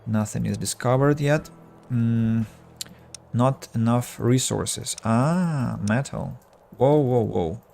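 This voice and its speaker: A man streaming a game, thinking aloud in halting casual commentary, his voice tired and fading. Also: mid-range voice, creaky, warm tone, a little hiss or hum. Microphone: earbuds.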